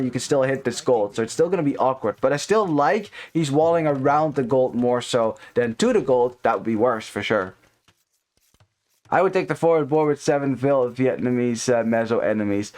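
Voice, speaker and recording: A man casting a strategy game live, chatty with many fillers, greeting chat viewers between plays. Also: mid-range voice. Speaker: esports caster.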